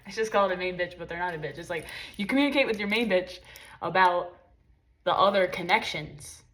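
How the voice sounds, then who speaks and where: A young woman talking in a casual, rambling vlog monologue, frank and profane with lots of fillers. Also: fairly low pitch. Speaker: spiritual vlogger.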